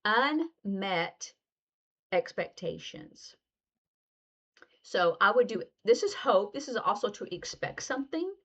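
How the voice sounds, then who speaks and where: A woman of middle pitch gives a relaxed video lesson, chatting her way through each point. She drops into short acted-out exchanges to show what she means. The sound is dull and a bit lo-fi. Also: slow pace, long pauses. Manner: chatty, acts out little example dialogues. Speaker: sign language teacher.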